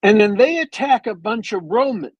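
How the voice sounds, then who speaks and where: A man on a podcast with a bad cold, retelling a movie plot as a meandering, detailed storyteller with long pauses. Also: sits high, big pitch swings, no echo, highs cut off. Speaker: podcast co-host.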